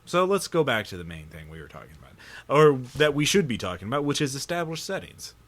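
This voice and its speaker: A man's voice: mid-range voice, big pitch swings, fast talker, a bit bright. A man co-hosting a podcast, chatting casually and a bit pedantically about tabletop role-playing games. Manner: pedantic, chatty, laughs easily. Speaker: podcast co-host.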